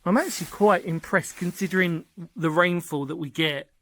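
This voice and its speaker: In this casual solo exploring vlog, set inside a small underground brick bunker in a wood, a man talks at a moderate pace in a high, fairly bright voice. He's enthusiastic and rambling as he addresses his viewers.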